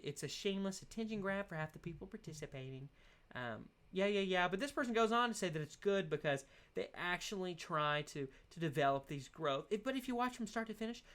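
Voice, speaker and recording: A man's voice: high-pitched, fairly bright tone, clean tone. Young guy rambling on his podcast, laughs a bunch, voice goes up and down a lot. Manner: laughs often, rambling and chatty. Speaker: podcast host. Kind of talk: casual solo podcast rant.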